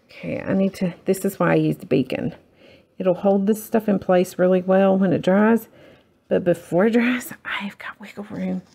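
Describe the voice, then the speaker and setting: Chatty woman with a gravelly edge. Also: medium pitch, moderate pace, dark tone. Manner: rambling, self-deprecating, talks while working. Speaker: crafting tutorial host. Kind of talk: casual chatty crafting tutorial.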